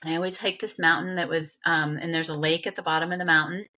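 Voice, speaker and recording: A middle-aged woman from Vermont tells her story in a relaxed interview. Her voice is bright and forceful, sitting a little low for a woman. She talks animatedly, full of "like" fillers, and acts out the voices of the people she quotes. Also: fast talker. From Vermont, USA. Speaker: guest.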